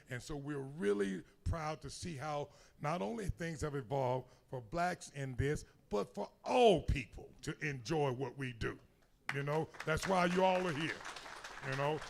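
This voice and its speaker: A man's voice: on the high side, vocal fry. A man on a convention panel answering a fan's question in an emphatic way, often checking in with the room and swearing casually. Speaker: wrestler panelist.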